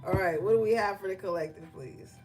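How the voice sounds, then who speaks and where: A woman's voice: medium pitch, fast talker, over music. A woman doing a casual tarot reading, blunt and profane, telling stories between the cards she draws. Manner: blunt, profane, conversational with slang. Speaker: tarot reader.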